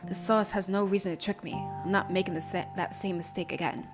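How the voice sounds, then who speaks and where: A woman's voice: medium pitch, steady tone, quick pace, over music, close to an everyday voice. A woman voicing a reckless young woman journalist from a game, in a put-on British accent. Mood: determined.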